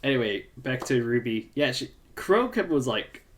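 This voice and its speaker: A man's voice: mid-range voice, lively intonation, moderate pace, background noise. A man hosting a casual live podcast from his room at home, talking loosely and greeting viewers in the chat. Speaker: podcast host.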